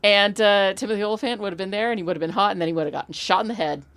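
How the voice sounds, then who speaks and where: A woman co-hosting a casual movie podcast, blunt and animated, swearing freely as she talks. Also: medium pitch, very fast, dry recording. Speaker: podcast co-host. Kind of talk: casual chat.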